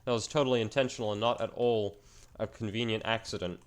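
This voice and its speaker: A man with a somewhat low voice talks through his game run in a loose, rambling way. He mocks himself now and then and drops casual slang as he goes. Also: steady tone, fast talker. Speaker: gaming channel host. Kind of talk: casual gameplay commentary.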